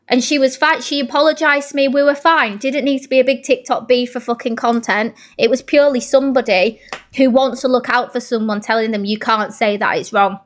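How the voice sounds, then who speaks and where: A woman with a British accent ranting angrily on a live stream, swearing bluntly and answering her viewers' comments. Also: high voice. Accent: British English. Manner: blunt, heated, swears often; addresses her viewers and reads their comments.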